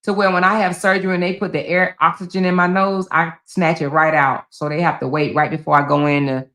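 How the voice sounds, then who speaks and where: Woman host for a casual live-stream chat: loud, blunt, cusses freely, quick to laugh, bright and forceful tone. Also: on the low side, flat delivery.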